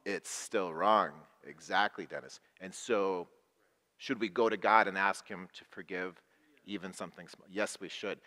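A man's voice: fairly low pitch, a bit bright. A man preaching as pastor to people in the room and at home, asking them questions and leading short call-and-response prayers. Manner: leads call-and-response prayers, repeating phrases. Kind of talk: sermon to a live and online congregation. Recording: long hall reverb.

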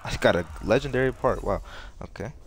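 With game music running behind him, a young streamer offers casual, rambling commentary on his racing game, often laughing and making fun of himself. His mid-range voice has lively intonation and a slightly fast pace, with a little hiss or hum in the audio.

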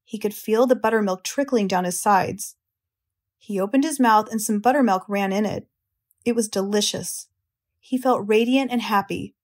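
A woman with an American accent reading a children's audiobook aloud in a clear, measured way for English learners. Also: mid-range voice. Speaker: audiobook reader, English teacher.

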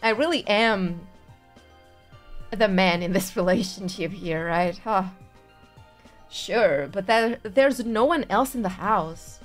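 A woman's voice: mid-range voice, slow, long pauses, faint music behind. A young woman streaming a visual novel, laughing often and reading lines aloud in a playful, casual way. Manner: giggly, frequent laughter, playful. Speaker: VTuber streamer. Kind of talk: casual game commentary, reading dialogue aloud.

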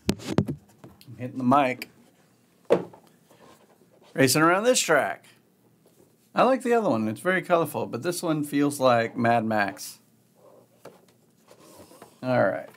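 A man's voice: mid-range voice, expressive, slow, long pauses, a little hiss or hum. A man hosting a board game channel, giving casual, upbeat unboxing commentary and thinking aloud as he goes.

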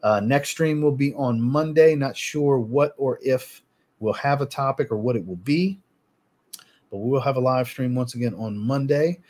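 A man hosting a casual livestream, reading viewer comments aloud and answering them in a relaxed way. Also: mid-range voice, normal speed. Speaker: fragrance livestream host.

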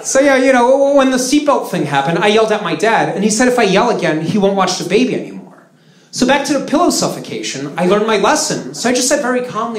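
Animated stand-up comic in a roomy hall. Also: male voice, high-pitched, fast talker. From Russia. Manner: lively, swings into flat deadpan punchlines. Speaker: stand-up comedian. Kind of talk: live stand-up comedy. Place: comedy stage before a live audience. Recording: roomy live venue with crowd laughter.

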